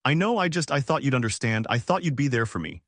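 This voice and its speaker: A man's voice: medium pitch, lively intonation, quick pace, fairly bright tone, dry recording. A man voicing a betrayed young woman who pleads and protests indignantly. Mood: upset.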